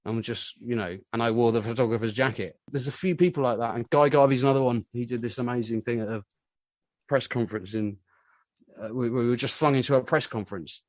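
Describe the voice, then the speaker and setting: Rambling, animated male musician storyteller. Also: mid-range voice, fast, no room sound. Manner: rambling storyteller, animated when quoting others. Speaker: musician guest. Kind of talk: casual interview anecdotes.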